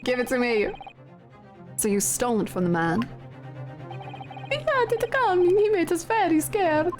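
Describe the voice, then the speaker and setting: Lady doing a big showy italian guy, mock accent, way high and bouncy, music behind. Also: very animated, unhurried, heavily acted. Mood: boastful. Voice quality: sing-song, exclamatory with "eh?" tags. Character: boisterous Italian man, loud and boastful. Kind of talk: reading game dialogue aloud.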